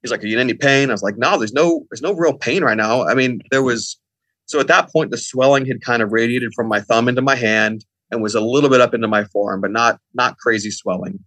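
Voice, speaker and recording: A man's voice: mid-range voice, fast talker, a bit bright, no echo. A middle-aged man telling a long story in a casual podcast chat, rambling with many fillers and acted-out quotes. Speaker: podcast guest.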